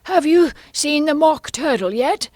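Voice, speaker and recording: A savage, bad-tempered queen who shouts her commands, played by a woman reader. The voice sits high and leaps around in a storybook reading. It is recorded close and dry. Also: expressive, measured pace, no room sound. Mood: imperious. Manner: shouting, imperious. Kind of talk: audiobook character reading.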